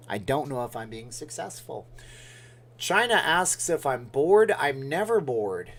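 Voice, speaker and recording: A man's voice: a little high, animated, moderate pace. A man hosting a casual livestream, rambling and joking as he reads out viewer comments. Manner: rambling, jokey, responds to chat. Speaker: livestream host. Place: Las Vegas.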